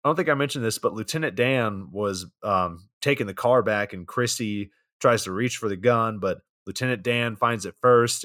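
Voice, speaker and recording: A man's voice: lowish voice, a bit bright, no room sound, clean studio sound. A young man casually recapping a film plot for a podcast, swearing freely and acting out characters' lines.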